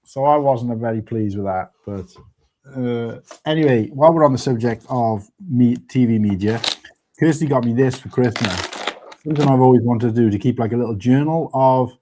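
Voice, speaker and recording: A man's voice: mid-range voice, normal speed, noisy background. A man hosting a casual panel chat, a rambling, chatty storyteller. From United Kingdom. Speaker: stream host.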